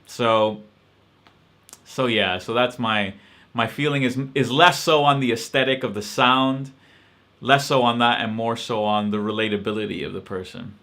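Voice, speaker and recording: A man's voice: mid-range voice, fairly even intonation, normal speed, pushed and bright. A man hosting a casual live-stream Q&A, answering questions in a hesitant, reflective way with many ums and restarts.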